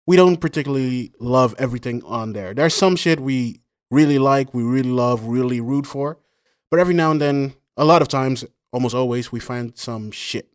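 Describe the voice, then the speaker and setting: A man's voice: medium pitch, normal speed, no echo, clean studio sound. A man co-hosting a podcast in casual chat, rambling and losing track of names. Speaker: podcast co-host.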